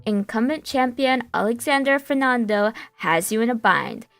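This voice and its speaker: Playful woman streamer, higher voice. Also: lively intonation, normal speed, gravelly, a bit bright, no room sound, soft background music. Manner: playful, rambling with fillers and restarts. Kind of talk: game stream, reading text aloud.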